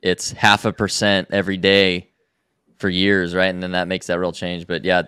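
A man's voice: low-pitched, completely flat delivery, moderate pace, pushed and bright, clean tone, no room sound, studio quality. A man hosting a podcast, talking in a thoughtful, loose way with many fillers. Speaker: podcast host. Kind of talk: casual chat.

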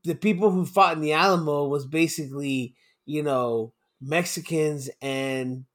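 A man's voice: a little high, unhurried, a bit bright. A man co-hosting a podcast, rambling in casual chat with lots of fillers and swearing. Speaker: podcast co-host.

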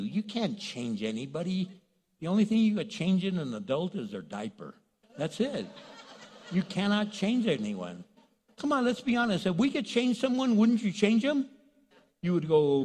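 Animated man preaching in an echoing hall. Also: a little high, normal speed, husky. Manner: animated, joking, acts out quoted voices. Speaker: pastor. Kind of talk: sermon. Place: church hall. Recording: long reverb of a church hall.

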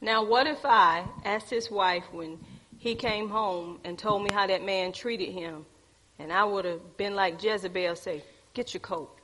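A woman's voice: mid-range voice, unhurried, sharp tone, a little hiss or hum. A woman teaching a church group, preachy and calling on the audience. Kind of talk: teaching talk with congregation.

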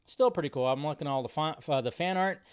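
High-voiced man ranting about film news. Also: fast, clear, resonant tone. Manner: animated, ranting, sarcastic asides. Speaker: host of a live film news show. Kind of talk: casual live commentary on film news.

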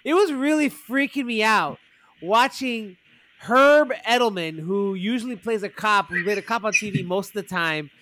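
A man co-hosting a podcast in casual chat, excitable and rambling, swearing often. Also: sits high, normal speed, slight background noise. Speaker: podcast co-host.

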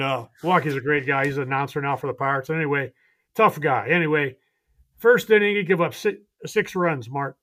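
An older man, a retired baseball coach, telling animated stories and acting out the voices of the people in them on a podcast. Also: a little high. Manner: animated, laughing storyteller who acts out voices. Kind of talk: storytelling on a podcast.

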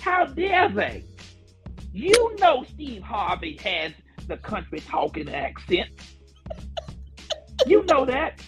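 A man's voice: very high-pitched, very animated, takes it slowly, pauses often, faint music behind, exaggerated voice. A man doing an impression of a famous male comedian, grandiose and drawn out with a sing-song delivery. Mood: mock-pompous.

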